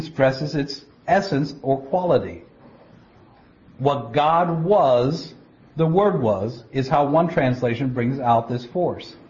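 A man preaching a Bible teaching, explaining scripture step by step in a deliberate way, often stopping to restart a word. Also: mid-range voice, a little mellow. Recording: dull lo-fi recording.

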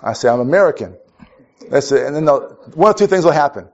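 A man from Minnesota preaches a conversational sermon, telling stories wryly and often restarting his sentences. His voice is a little high, expressive and quick. The recording is dull and lo-fi.

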